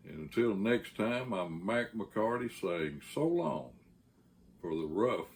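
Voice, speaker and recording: A man with a Texan accent hosting a channel, telling a story casually in a rambling way with frequent "uh" pauses. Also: on the low side, animated.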